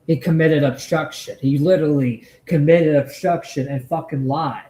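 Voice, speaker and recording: A man's voice: fairly high pitch, fairly even intonation, moderate pace, warm tone, echoey room, a little hiss or hum, low-quality recording. A man hosting a live stream, angrily ranting and swearing as he reacts to a video. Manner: angry, profane ranting. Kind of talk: heated live commentary.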